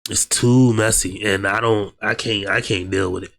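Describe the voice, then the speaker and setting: A young man with a fairly low voice and a cold, talking loosely in slang as he reacts to a video. He speaks straight to his viewers in a relaxed, offhand way. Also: moderate pace, vocal fry. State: sick with a cold. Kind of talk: casual reaction commentary.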